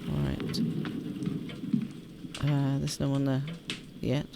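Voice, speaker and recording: With a very deep, very animated voice, this woman takes things slowly while playing a game and reading its on-screen text aloud. The gaming streamer keeps her let's-play chatty and self-deprecating; clear game music plays beneath her voice amid heavy background noise.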